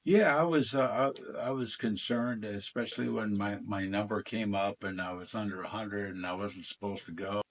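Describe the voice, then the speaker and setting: A man's voice: fairly low pitch, normal speed, hardly any pauses. An older man, a former football player, telling rambling stories in a casual interview and acting out the voices of the people in them. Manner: rambling anecdotes, acts out quoted dialogue, frequent fillers.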